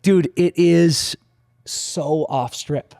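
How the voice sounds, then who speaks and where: Casting: wry hungover man, podcast co-host, teasing asides, slightly high voice, dry mic. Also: drawn-out words, creaky, dark tone, no echo. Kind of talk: casual banter.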